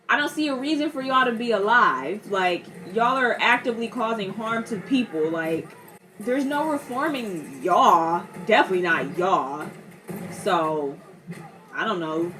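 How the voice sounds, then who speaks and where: Young woman reacting to a movie, super expressive, pitch all over the place, lots of background hiss. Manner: animated, laughs often, acts out characters in quick impressions. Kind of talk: casual movie reaction commentary. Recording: steady background noise.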